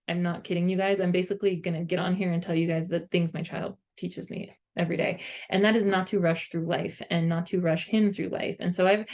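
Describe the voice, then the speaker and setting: Female parenting vlogger, casual earnest monologue, medium pitch, chatty filler words. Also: darkish tone. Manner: earnest, conversational, heavy use of "like".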